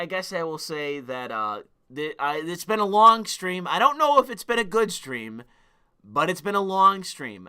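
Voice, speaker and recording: A young man hosts a livestream in a profane, heated rant, stumbling into restarts as he goes. His voice sits somewhat high and sounds very bright and crisp. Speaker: livestream host. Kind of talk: ranting livestream monologue.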